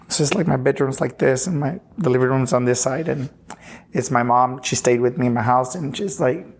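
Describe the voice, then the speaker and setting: A pastor from Texas telling his personal testimony in an earnest, halting way, often restarting sentences and retelling conversations. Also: medium pitch, breathy edge. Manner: earnest, halting, with frequent restarts and retold dialogue.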